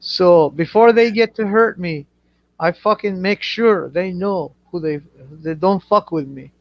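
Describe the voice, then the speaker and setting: A man from Iraq chats casually and swears freely while he spins crude stories. His voice sits a little high. The audio is muffled and lo-fi. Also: a little slow, no echo. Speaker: channel host. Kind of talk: casual chat. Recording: dull lo-fi audio.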